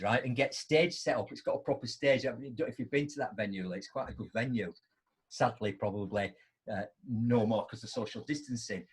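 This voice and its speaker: A middle-aged man hosts a live online show, telling anecdotes in a chatty, animated way and acting out both sides of them. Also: mid-range voice, slightly rough. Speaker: host.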